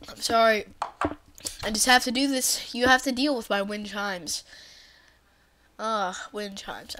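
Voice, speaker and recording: A woman giving goofy, rambling gameplay commentary, often dropping into whispered asides and bursting into excited shrieks. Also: on the high side. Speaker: let's play commentator.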